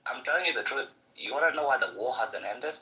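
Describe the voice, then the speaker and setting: A man's voice: medium pitch, expressive, fast talker, sharp tone, rough recording. A man arguing bluntly and insistently as a debate panelist, swearing freely. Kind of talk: heated debate.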